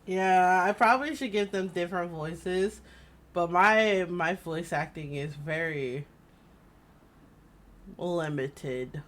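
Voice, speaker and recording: A woman's voice: fairly low pitch, slow pace, pauses often. A woman streaming a game, chatting casually, rambling through stories and laughing often.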